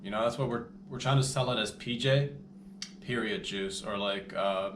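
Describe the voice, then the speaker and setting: A man's voice: on the low side, moderate pace, fairly bright tone, lightly acted. A man playing a laid-back modern vampire in a rambling, slangy comedy monologue, recorded in an echoey room with faint background hum. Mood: casual. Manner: slangy, rambling, calls everyone baby.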